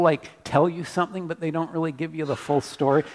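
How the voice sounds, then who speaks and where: A man preaching a sermon as pastor in a church, animated, repeating his declarations. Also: on the high side, moderate pace, in a large hall, slight background noise.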